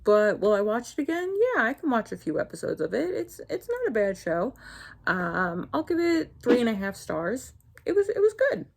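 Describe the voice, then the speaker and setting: Woman, young adult, New Jersey accent, vocal fry, rambling casual vlog chat. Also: fairly high pitch, huge pitch swings, normal speed. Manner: rambling, chatty, self-interrupting. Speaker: YouTuber. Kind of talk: casual chat reviewing shows.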